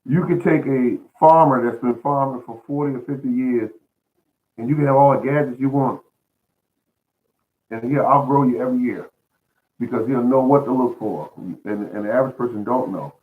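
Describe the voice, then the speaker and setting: A man's voice: mid-range voice, moderate pace. A man hosting a home gardening show, giving casual advice in a folksy, earnest way and often repeating words as he restarts. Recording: tinny phone-like sound.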